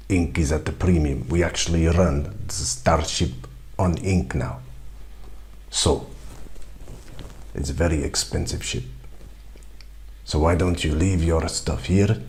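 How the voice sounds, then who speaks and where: A man's voice: steady tone, slow, creaky, long pauses, darkish tone, full character voice. A man voicing a sly male starship crewman who bargains over a price. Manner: low, bargaining.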